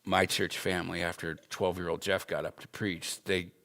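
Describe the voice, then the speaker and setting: A man in his forties with a low, gravelly voice gives a Bible school teaching. He talks in a casual, earnest way, leaning hard on his points and weaving in stories from his own life. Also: level tone, normal speed, pushed and bright. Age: 40s. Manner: earnest, emphatic, with personal stories. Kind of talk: conversational teaching talk.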